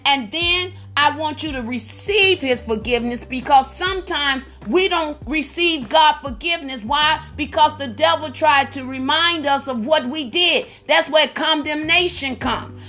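A woman's voice: high-pitched, a little slow, sharp tone, soft background music. A middle-aged woman hosting a prayer call, preaching fervently and calling out hallelujah and glory to God. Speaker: prayer line host.

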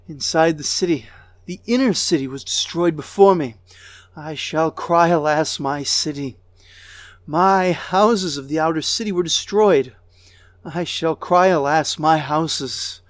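A man voicing a grieving goddess queen who mourns her ruined city in a high, keening lament. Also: slow, no echo.

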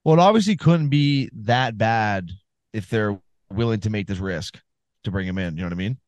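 A man's voice: on the low side, expressive, moderate pace, darkish tone, no room sound. A man co-hosting a sports podcast in casual chat, tired, self-mocking and swearing freely. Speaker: podcast co-host.

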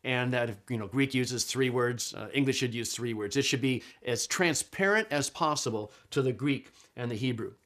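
A man's voice: mid-range voice, moderate pace, few pauses, fairly bright tone. A middle-aged man giving a conversational lecture on Bible translation, explaining patiently with frequent fillers and restarts. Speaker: Bible scholar and teacher.

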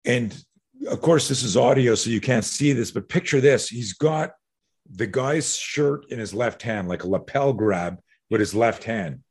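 A self-defense instructor telling an animated story in casual conversation, swearing freely. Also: male voice, medium pitch, measured pace, breathy edge.

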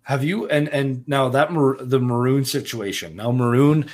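A young man co-hosting a casual sports podcast, telling excited stories with lots of "like" and some swearing. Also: medium pitch, normal speed. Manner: excitable, swears, animated storytelling. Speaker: podcast co-host.

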